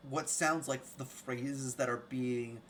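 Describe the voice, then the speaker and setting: A man's voice: medium pitch, steady tone, slow, a bit bright, a little hiss or hum. A man running a tabletop game as game master, reading rules and scene descriptions with some stumbles and restarts.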